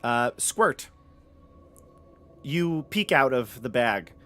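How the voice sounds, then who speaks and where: A man at a mid pitch narrating a tabletop role-playing game as its dungeon master. He lays out the scene in detail and reads room descriptions to the players. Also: expressive, very slow, sharp tone.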